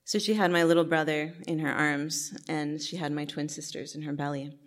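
Middle-aged woman telling her life story, low voice, lots of "like" and "um", kinda casual and candid. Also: steady tone, moderate pace. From New Jersey, USA. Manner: casual, frequent "like" and "um" fillers, candid. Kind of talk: personal storytelling to an audience.

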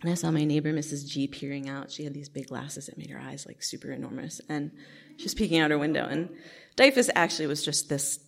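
A woman's voice: deep voice, gravelly. A middle-aged woman telling a personal life story to an audience in a candid, casual way, with many fillers. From New Jersey, USA.

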